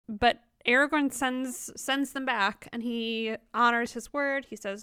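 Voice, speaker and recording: Woman, podcast co-host, casual book talk, animated, reads quotes aloud, dry close mic. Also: a little high, moderate pace, few pauses, clean tone, no room sound.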